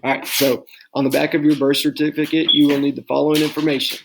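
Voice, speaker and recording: A man's voice: fairly high pitch, flat delivery, fast, creaky, noisy background. A young man from Texas, a teacher giving recorded class instructions from his home office, talking casually with lots of ums and okays.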